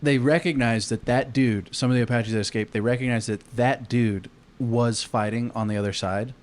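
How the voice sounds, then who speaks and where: A man's voice: mid-range voice, steady tone, moderate pace. A man from Arizona telling a long story on a casual podcast, rambling with lots of fillers and swearing. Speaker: podcast co-host.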